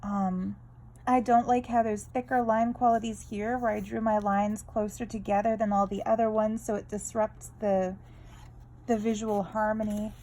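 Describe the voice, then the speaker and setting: A woman's voice: medium pitch, little pitch movement, moderate pace, mellow, a little hiss or hum, poor audio. A woman vlogging about her art, chatting in a rambling, candid way full of tangents while she draws. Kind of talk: casual draw-along chat.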